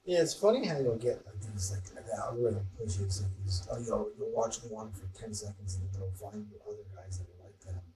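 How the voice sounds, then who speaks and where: A man's voice: lowish voice, a little fast, few pauses, far from the mic, rough recording. A man co-hosting a casual podcast who reacts and asks short questions. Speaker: podcast co-host. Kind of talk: casual chat.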